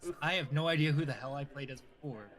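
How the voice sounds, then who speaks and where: A man joining a casual gaming stream as a guest, animated and hopping between topics. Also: a little high, quick pace. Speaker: guest co-player.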